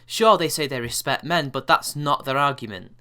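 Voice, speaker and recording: Bright, scornful male commentator. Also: medium pitch, animated, moderate pace. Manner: scornful, exasperated rebuttals. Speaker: video commentator. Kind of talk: response video commentary.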